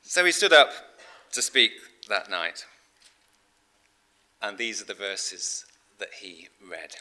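A middle-aged man preaching a sermon in a conversational storytelling way, with fillers and frequent throat-clearing. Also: lowish voice, sing-song, takes it slowly, sharp tone.

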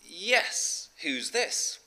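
A preacher voicing an older Bible teacher who has just been woken at night and answers sharply. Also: male voice, sits high, big pitch swings, extremely slow, sharp tone, pitched above the performer's own voice, exaggerated voice. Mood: testy.

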